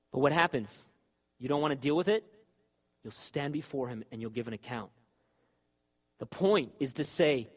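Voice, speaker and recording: A man preaching a sermon with fervor, moving from loud exhortation to quiet, confessional talk. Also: mid-range voice, breathy edge.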